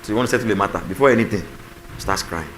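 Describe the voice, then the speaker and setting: A man preaching in a church with a low, forceful voice. He acts out quarrelling spouses and calls on the congregation to repeat after him. There is faint noise in the background. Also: very fast, low-quality recording. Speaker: pastor. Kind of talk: sermon on marriage communication.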